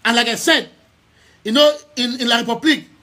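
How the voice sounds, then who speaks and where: A man's voice: very high-pitched, steady tone, fairly quick, sharp tone. A young man with a Cameroonian English accent addresses his followers on a live stream, emphatic and repetitive, restarting his words often as an activist. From Southern Cameroons. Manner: emphatic, repeating key phrases, many stammered restarts. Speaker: activist and news outlet head.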